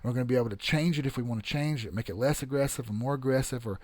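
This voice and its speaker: Blunt, animated man, dry sound. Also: mid-range voice, very fast, dry recording. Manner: animated, blunt, swears freely. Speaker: host. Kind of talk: casual storytelling, reading chat.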